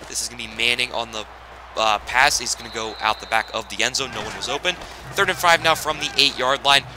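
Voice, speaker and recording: A young man narrating a football video game in casual play-by-play style, getting excitable on big plays. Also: medium pitch, noisy background. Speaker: gaming channel host.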